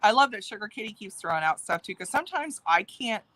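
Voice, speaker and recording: A woman co-hosting a live whisky tasting, chatting in a relaxed, conversational way. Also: mid-range voice, quick pace, no echo. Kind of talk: casual live tasting chat.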